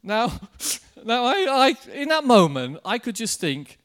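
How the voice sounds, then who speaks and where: A man preaching a sermon, telling a personal anecdote in a lively way and addressing the congregation directly. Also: very high-pitched, takes it slowly.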